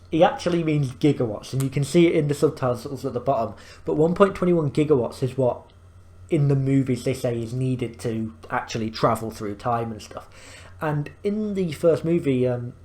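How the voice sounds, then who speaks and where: Man, reaction video host, rambling casual commentary, mid pitch. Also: darkish tone. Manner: rambling, full of "like" fillers and restarts.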